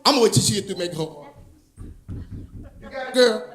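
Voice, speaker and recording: Male stand-up comic, very high and lively, sing-song storyteller who laughs along at his own lines. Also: fast. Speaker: stand-up comedian. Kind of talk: stand-up comedy set. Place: comedy club stage.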